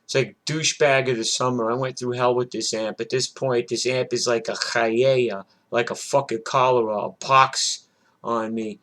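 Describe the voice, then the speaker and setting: A middle-aged man and working guitarist, telling a rambling, cursing rant that starts loud and worked up and settles into a low, weary tone. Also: fairly even intonation, moderate pace. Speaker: gigging guitarist and show host.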